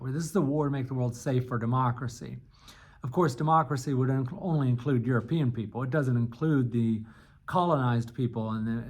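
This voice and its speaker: A man's voice: medium pitch, darkish tone. A man teaching a history class in a loose, conversational lecture, with frequent fillers and restarts. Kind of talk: unscripted recorded lecture.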